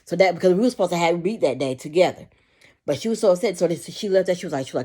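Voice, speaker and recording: A childcare worker vents about her job in a rambling, profane monologue, repeating herself and acting out what her coworkers said. Her voice is fairly low, mellow and expressive with a breathy edge, and she races along.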